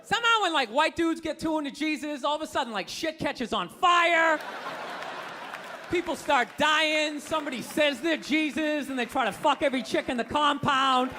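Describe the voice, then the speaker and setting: A man's voice: extremely high pitch, moderate pace, bright, forceful tone, a faint crowd, slight background noise. A man doing a stand-up comedy routine on stage, ranting in an exasperated, profane way. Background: audience laughter.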